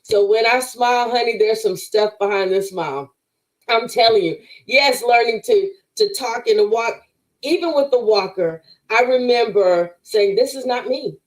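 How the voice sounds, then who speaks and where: A woman's voice: on the high side, moderate pace, rough recording. A woman guest on a podcast giving an emphatic, preacherly faith testimony in conversation, speaking straight to her listeners.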